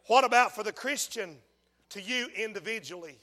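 Preacher, male, very high forceful voice, fiery sermon from hushed to shouted, long church reverb. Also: big pitch swings, normal speed. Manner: emphatic, swings from hushed pleading to shouting. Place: large church sanctuary.

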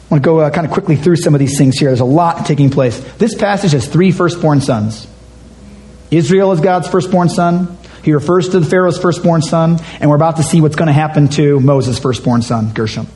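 A man's voice: a little high, brisk, warm tone, poor audio. A man preaching a conversational, emphatic sermon as a pastor, reading scripture aloud and acting out quotes.

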